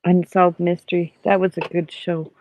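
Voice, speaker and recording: A woman's voice: lowish voice, little pitch movement, normal speed, dry recording. A woman chatting as a guest, mostly giving short reactions and small laughs. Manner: brief reactions, gentle laughs. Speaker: guest on a call. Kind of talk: casual chat. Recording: dry tinny phone-like call line.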